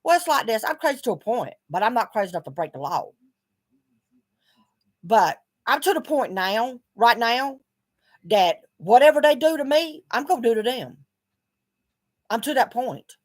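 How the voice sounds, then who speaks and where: A woman's voice: on the high side, expressive, normal speed, pauses often. A middle-aged woman speaking bluntly in a video journal, swearing often as she vents her frustration. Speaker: vlogger.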